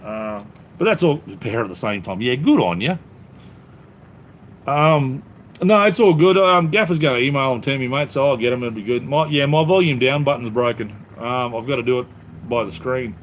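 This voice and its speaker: A man's voice: medium pitch, moderate pace, slight background noise. A middle-aged Australian man chatting casually on a live stream from his phone, rambling and poking fun at himself. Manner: rambling, self-mocking, easygoing.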